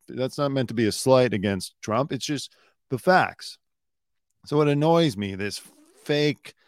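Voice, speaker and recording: A man's voice: mid-range voice, no echo, clean studio sound. Sarcastic man riffing on the news. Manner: sarcastic, mocks pundits in put-on mopey voices. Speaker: news commentary host. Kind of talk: casual news commentary.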